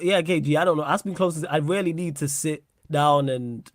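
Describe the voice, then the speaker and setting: A man's voice: a little high, moderate pace, no room sound, clean studio sound. A man hosting a football talk stream, chatting casually with blunt, slangy banter. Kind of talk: casual chat.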